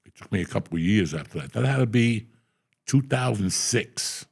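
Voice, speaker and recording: Low gravelly guy, kinda husky, swearing through his stories in a chat. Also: lively intonation, moderate pace. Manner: profane, blunt storyteller. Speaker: guest comedian. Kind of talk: casual storytelling interview.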